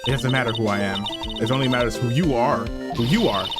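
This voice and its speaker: A man's voice: medium pitch, quick pace, over loud music, natural voice. A man reading a pushy teenage girl from a game in a barely changed voice. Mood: demanding.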